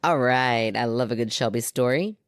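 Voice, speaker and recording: A woman co-hosting a podcast in casual chat, reacting to stories with jokes and quick asides. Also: extremely low pitch, no room sound, clean studio sound. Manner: animated, joking, quick asides. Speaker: podcast co-host.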